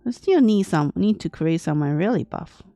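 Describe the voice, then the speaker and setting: A woman artist thinking aloud as she draws on a livestream, talking in a deliberately aged, grandma-like voice in short, broken phrases. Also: on the low side, expressive, mellow, dry recording. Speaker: artist streaming her drawing process. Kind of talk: casual livestream commentary while drawing.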